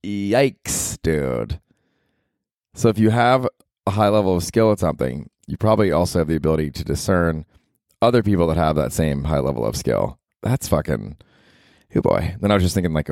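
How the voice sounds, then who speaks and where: A male comedian hosting his podcast, rambling casually and profanely, his pitch leaping up for emphasis. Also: animated, brisk, a little mellow, dry recording, studio quality.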